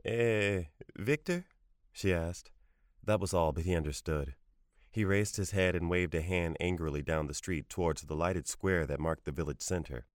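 A man reads a short story aloud in a very low, measured voice, even and unhurried. The recording is dry and close, with no room around it.

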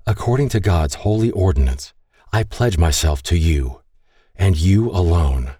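A tender young bride-to-be who teases and pleads in a soft, husky voice, as a male narrator puts her on. The voice sits higher than his very deep natural register but keeps its dark, mellow color. The sound is dry and close. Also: expressive, unhurried, no echo, full character voice. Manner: soft, teasing, gently pleading.

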